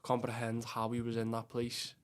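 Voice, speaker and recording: A man's voice: medium pitch, completely flat delivery, moderate pace, smooth. A man from Liverpool with a Scouse accent, talking bluntly in a casual podcast chat, swearing often and calling people lad. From Bootle, Liverpool, England. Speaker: podcast guest.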